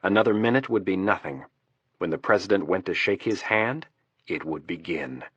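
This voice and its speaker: A man narrating an audiobook in a steady, measured way. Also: deep voice, slightly rough, dry recording, dull audio. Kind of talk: scripted narration. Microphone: close studio mic.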